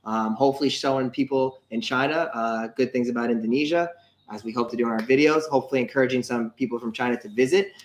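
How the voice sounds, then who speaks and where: A man's voice: medium pitch, quick pace, a little hiss or hum. Chatty young man in an echoey room. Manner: chatty, rambling, many fillers and restarts. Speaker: co-host of a travel channel. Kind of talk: casual livestream chat. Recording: roomy echo.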